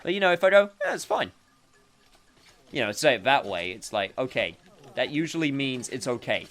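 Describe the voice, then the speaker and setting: A man's voice: medium pitch, big pitch swings, a little fast, a bit bright. A man giving casual let's-play commentary while he plays, rambling and full of fillers. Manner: rambling, filler-heavy, self-interrupting. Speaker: gameplay commentator.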